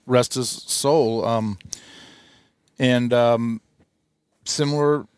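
A man's voice: mid-range voice, fairly even intonation, extremely slow, a little mellow, clear, resonant tone, no room sound, clean studio sound. A man co-hosting in a van, chatting casually and asking short questions. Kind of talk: casual chat. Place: inside a parked van.

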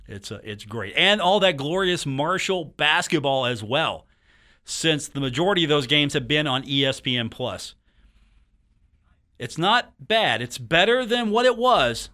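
A man's voice: medium pitch, expressive, normal speed, sharp tone. A man hosting a sports radio show in a studio, talking in a joking, teasing, rambling way. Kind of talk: casual sports talk radio monologue.

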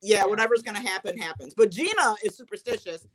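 A woman talks as a guest in a relaxed group chat. She explains things at length in an easygoing, chatty way. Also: mid-range voice, fast, husky, low-quality recording. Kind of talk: casual chat.

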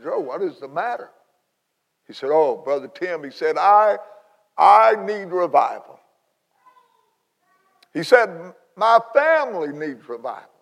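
A man, an evangelist telling a story in a sermon, folksy and animated with many restarts, in a large church hall. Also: on the high side. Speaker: evangelist preacher.

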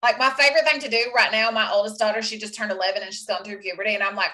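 A woman's voice: mid-range voice, fairly even intonation, racing, bright, forceful tone, poor audio. A woman in her thirties with a Southern accent, a podcast guest telling funny stories about her kids and laughing at herself. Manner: laughing, self-mocking storyteller. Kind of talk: casual chat.

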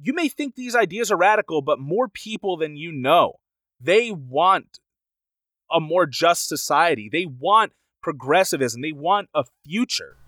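A man co-hosting a casual podcast, discussing a film with animated enthusiasm and now and then acting out crowds in raised voices. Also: fairly high pitch, unhurried, no room sound. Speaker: podcast co-host.

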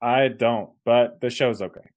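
A man's voice: mid-range voice, steady tone, a little slow, a little mellow. A man co-hosting a podcast in casual chat, rambling with restarts and laughing mid-sentence. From Kansas. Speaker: podcast co-host.

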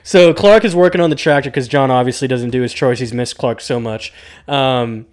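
A man's voice: mid-range voice, moderate pace. A man co-hosting a casual recap chat, playfully acting out characters' lines. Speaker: podcast co-host.

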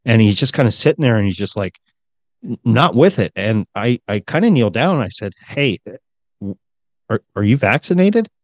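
A man's voice: medium pitch, big pitch swings, moderate pace, dry recording. A man co-hosting a casual podcast, telling a story loosely with lots of swearing and acted-out quotes. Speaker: podcast co-host. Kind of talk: casual chat.

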